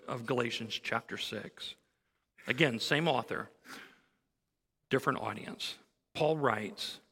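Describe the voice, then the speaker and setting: A man's voice: mid-range voice, vocal fry, pushed and bright, big-room sound. A man preaching a sermon, telling a counseling story in a conversational way and acting out the dialogue. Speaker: pastor.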